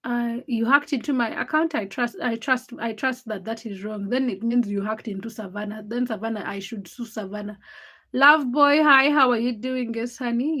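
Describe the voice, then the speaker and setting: A woman's voice: on the high side, moderate pace, bright, forceful tone. A tired young woman hosting a late-night livestream, teasing and chatting with viewers as she reads their comments by name. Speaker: livestream host.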